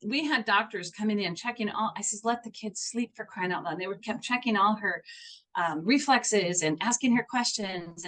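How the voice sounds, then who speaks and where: A woman's voice: medium pitch, fairly bright tone. A middle-aged woman guesting on a podcast as a homeopath, telling a story earnestly with lots of restarts.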